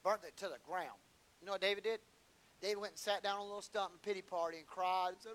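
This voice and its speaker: Male preacher, high voice, bright sharp tone, animated sermon delivery with acted-out dialogue. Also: fast, poor audio. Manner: animated, acts out whiny prayers and dialogue for humor.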